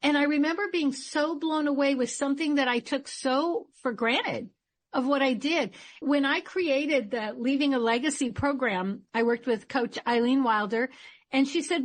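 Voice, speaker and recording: A woman's voice: high voice, normal speed. A middle-aged woman hosting a podcast, telling stories and acting out quoted dialogue in casual chat. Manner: animated storyteller, acts out quoted dialogue. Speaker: podcast host.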